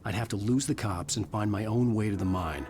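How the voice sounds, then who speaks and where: An actor playing a weary male writer who narrates his own thriller in a game, with a measured, low noir delivery. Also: close to an everyday voice. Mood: brooding. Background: game music.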